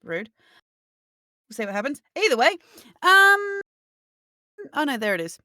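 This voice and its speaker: A woman's voice: on the high side, very animated, brisk, fairly bright tone, dry recording. A woman runs a tabletop game, describing the action in a playful voice. Her sound is dry and close, with no room around it. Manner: playful, laughs often. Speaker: game master.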